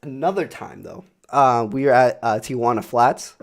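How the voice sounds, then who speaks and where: Young dude, casual podcast chat, swears a lot, rambly. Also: male voice, medium pitch, moderate pace, gravelly. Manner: rambling, profane, animated storytelling with many fillers. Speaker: podcast co-host.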